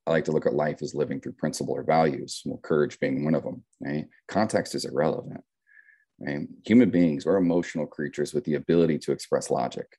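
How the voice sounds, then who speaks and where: Deep, mellow man explaining steadily. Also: fairly even intonation, fast, husky. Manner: reflective, explains with metaphors, frequent "right?" tags. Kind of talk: casual conversational podcast.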